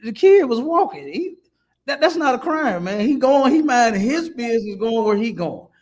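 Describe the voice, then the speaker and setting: Animated high-voiced man telling stories. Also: normal speed, slight background noise. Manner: animated storytelling with street slang. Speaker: podcast co-host. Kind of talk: casual chat.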